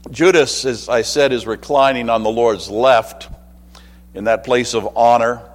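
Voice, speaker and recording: A man's voice: medium pitch, long reverb tail. A man preaching a sermon in a conversational way, with asides and acted-out quotes.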